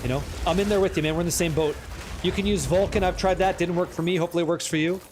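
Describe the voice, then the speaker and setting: High-voiced joking streamer man. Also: steady tone, racing, over music. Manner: joking, swears freely, reads chat aloud. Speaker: livestream gamer. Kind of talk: casual livestream chat.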